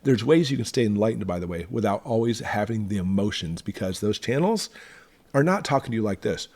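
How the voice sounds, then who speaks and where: A man's voice: on the low side, animated, a little fast, a little mellow. A man hosting a survival channel, talking emphatically and conversationally to camera. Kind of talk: direct-to-camera talk.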